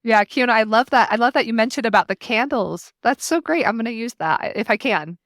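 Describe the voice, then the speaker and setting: A woman's voice: on the high side, a little fast, fairly bright tone, no room sound, clean studio sound. A woman in her thirties, a podcast guest, talking earnestly and reflectively in long flowing runs. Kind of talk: casual conversation.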